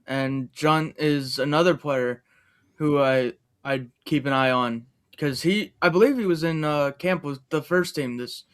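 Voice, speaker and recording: A man with a smooth, clear voice chats about soccer on a podcast. He sounds upbeat and often restarts his sentences as he talks. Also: on the high side. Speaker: podcast co-host. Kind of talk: casual sports podcast chat.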